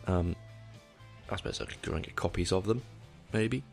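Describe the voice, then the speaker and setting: Hosting a laid-back solo podcast, a man with a very deep, gravelly and creaky voice talks at a normal speed. He wanders off topic, restarts himself constantly, and swears casually. Soft guitar music runs in the background.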